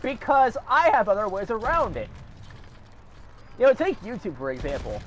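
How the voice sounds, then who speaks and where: A man's voice: high voice, wildly swooping pitch, normal speed, long pauses, slight background noise. A man delivering a heated, profane rant to camera, swearing often and throwing in sarcastic asides. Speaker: vlogger.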